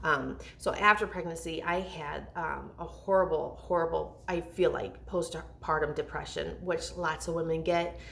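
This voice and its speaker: A woman in her thirties speaks straight to her viewers in a candid mom vlog, with a voice that sits on the low side for a woman. She rambles through her story with heartfelt openness and keeps breaking off to restart a thought. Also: fairly even intonation, normal speed, vocal fry, hardly any pauses, a bit bright, a little hiss or hum. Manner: rambling, heartfelt, self-interrupting. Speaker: mom vlogger.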